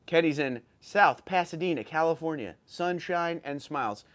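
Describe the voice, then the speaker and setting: A man's voice: on the high side, moderate pace, fairly bright tone. A man in his thirties hosting a casual livestream, reading viewer chat messages aloud and answering them, a little tired and stumbling over words now and then. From New York. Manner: chatty, reads chat messages aloud and replies.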